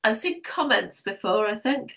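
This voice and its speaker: A woman's voice: medium pitch, lively intonation, moderate pace, creaky, sharp tone, low-quality recording. A woman co-hosting a live stream from home, friendly, reading out viewers' names in casual chat.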